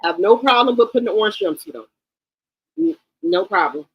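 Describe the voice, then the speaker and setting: A woman's voice: mid-range voice, expressive, a little fast, husky, no echo, highs cut off. Blunt fifty-something woman. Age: 50s. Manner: blunt, emphatic, repeats words. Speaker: livestream host. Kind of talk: unscripted livestream commentary.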